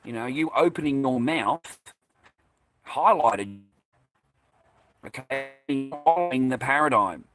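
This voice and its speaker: An Australian man recounts a run-in in a loose, heated monologue full of swearing and combative asides. His voice sits at an ordinary male pitch, and the sound is dry and close with almost no room echo. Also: takes it slowly, long pauses, fairly bright tone, faint music behind. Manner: profane, agitated, combative storytelling. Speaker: vlogger recounting a personal incident. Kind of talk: casual monologue.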